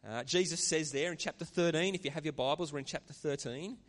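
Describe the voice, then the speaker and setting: A man's voice: on the high side, quick pace, big-room sound. A man preaching a sermon as pastor, earnest and conversational, with chatty asides to the congregation. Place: church.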